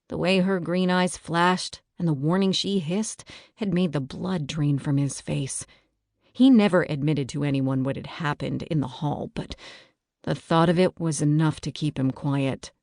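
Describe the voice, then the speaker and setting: A woman narrating a children's audiobook in a clear, expressive storytelling manner, on a close studio mic. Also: deep voice, no room sound.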